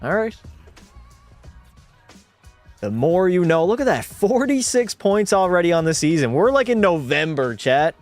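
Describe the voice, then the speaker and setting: A young man with a slightly high voice calls every play of a hockey video game in excitable broadcaster style. He swears freely and chats with his viewers as he plays. Faint music plays softly behind him. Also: measured pace, pauses often. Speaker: gaming streamer.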